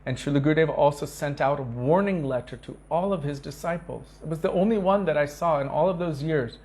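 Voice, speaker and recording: A man giving an earnest devotional talk to disciples, telling stories with emphatic repetition and acting out quoted speech. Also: fairly quick. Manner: acts out quoted speech with sharp pitch shifts. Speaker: spiritual teacher.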